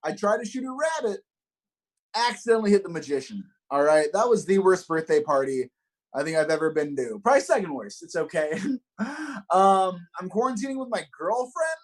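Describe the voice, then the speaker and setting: A man's voice: high voice, normal speed, poor audio. Upbeat young man doing stand-up. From Los Angeles. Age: young adult. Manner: upbeat, self-mocking, deadpan punchlines. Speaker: stand-up comedian. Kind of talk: stand-up comedy set.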